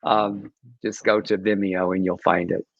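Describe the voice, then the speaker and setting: Guy cohosting a live chat show, laughs a lot, flat dry lo-fi sound. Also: on the low side, unhurried, no room sound. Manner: chatty, laughing, trips over names. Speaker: co-host. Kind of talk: casual news chat. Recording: dull, dry lo-fi stream audio.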